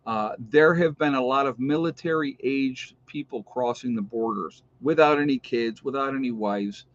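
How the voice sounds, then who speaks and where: Guy doing a livestream, reading chat out loud, easygoing, slightly muffled audio. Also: medium pitch. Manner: chatty, lists viewer locations, pauses with uh. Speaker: livestream host. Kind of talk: casual livestream chat reading viewer comments.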